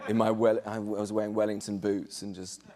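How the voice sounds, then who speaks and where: A man's voice: fairly low pitch, level tone, fast talker, crowd noise. A middle-aged man, a guest actor chatting casually in an interview, hesitant and thoughtful.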